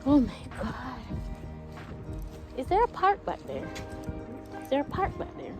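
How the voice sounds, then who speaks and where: A woman's voice: high voice, huge pitch swings, a little slow, music in the background. Breathless Jamaican woman vlogging outdoors. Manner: chatty, laughs often, uses patois phrases. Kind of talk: casual walking vlog. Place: outdoors on a street.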